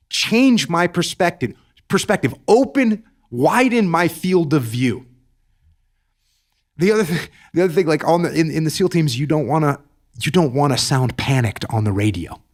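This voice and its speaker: Middle-aged veteran guest, somewhat high-pitched, emphatic and earnest, repeats himself mid-thought. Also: male voice. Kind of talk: podcast storytelling and advice.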